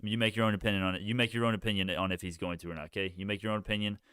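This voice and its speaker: Young male streamer, loose and rambling to his chat, clear resonant tone, dead-dry sound. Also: fairly low pitch, fairly even intonation, very fast, fairly bright tone, dry recording. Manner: rambling, talks to chat, restarts often. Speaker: stock live-streamer. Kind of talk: casual livestream chat.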